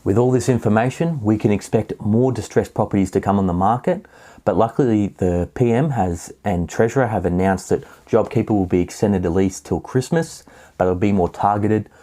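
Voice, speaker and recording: A low, mellow-voiced man runs through property market figures in a solo video update. He reads the numbers at a steady clip and drops in the odd filler as he goes. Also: normal speed.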